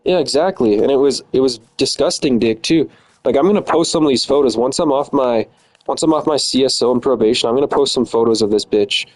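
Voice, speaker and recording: A man's voice: medium pitch, fairly quick, poor audio. A man in his twenties ranting angrily and profanely in a casual, bitter way. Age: 20s. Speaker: streamer. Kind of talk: angry casual rant.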